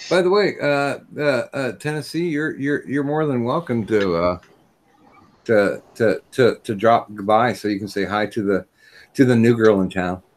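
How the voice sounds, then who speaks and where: Brief: feverish male streamer, mid-pitched voice, halting, scattered. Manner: halting, many restarts. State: feverish, hard to focus. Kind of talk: casual chat.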